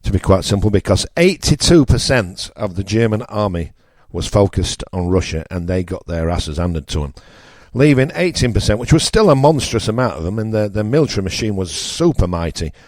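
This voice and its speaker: A radio host with a northern English accent holds forth in a blunt, ranting monologue, hammering his points with repetition. His voice sits on the low side, and the recording is dry and close with no room around it. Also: sing-song, fairly quick, few pauses, a little mellow, no echo. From northern England. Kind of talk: opinionated political monologue.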